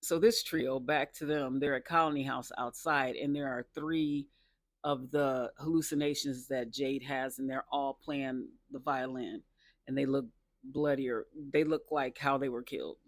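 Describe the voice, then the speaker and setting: A man casually recapping a TV episode, chatty and laughing often, with excited personal asides. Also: medium pitch, a little slow, no room sound, studio quality.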